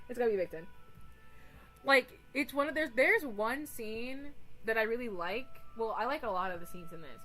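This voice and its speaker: Bright-voiced rambling woman streamer. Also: on the high side, moderate pace, faint music behind, low-quality recording. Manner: rambling, animated, swears and giggles. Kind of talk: casual livestream chat.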